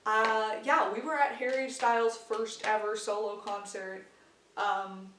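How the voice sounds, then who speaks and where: A woman's voice: mid-range voice, measured pace, slight background noise. Young woman vlogger, chatty and gushing, sits a bit back from the mic in a roomy space. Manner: excited, gushing, full of "like" fillers. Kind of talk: casual storytelling vlog. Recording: roomy sound from a distance.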